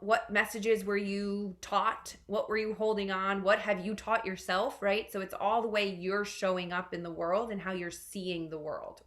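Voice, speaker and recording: Bright-voiced chatty woman coach. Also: mid-range voice. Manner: chatty, many fillers like "right?" and "like". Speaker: leadership coach. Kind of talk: answering a question in a webinar Q&A.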